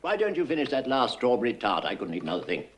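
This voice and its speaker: An actor playing a calm, good-humoured older gentleman. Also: mid-range voice, fast talker, lightly acted. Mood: genial. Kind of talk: 1960s film musical acting.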